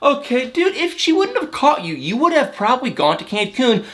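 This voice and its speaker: Young male recap host, bright lively voice, mocking and theatrical. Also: very high-pitched, moderate pace. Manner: animated, mocking, acts out quotes in exaggerated voices. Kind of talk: casual reality TV recap.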